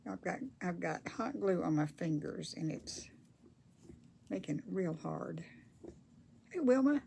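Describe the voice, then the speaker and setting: Gravelly older woman crafting live. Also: fairly low pitch, fairly even intonation, a little slow, a little mellow, slight background noise. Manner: chatty, reads viewer comments aloud, folksy. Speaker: craft livestream host. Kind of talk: casual livestream chat while crafting. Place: home craft table.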